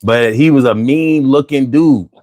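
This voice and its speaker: A man's voice: medium pitch, unhurried, darkish tone. A man telling stories in a casual chat, repeating words as he goes.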